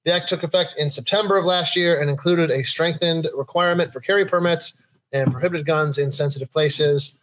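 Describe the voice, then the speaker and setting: A young man, hosting a casual live show, reading news items aloud in a relaxed way, with lots of fillers and laughs. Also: on the high side, a little fast, rough recording. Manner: easygoing, laughs often, trails off with fillers. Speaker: podcast host.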